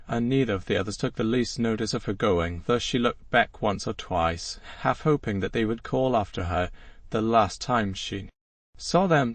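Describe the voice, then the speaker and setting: Man narrating audiobook, low voice, dry sound, a bit distant. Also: no echo.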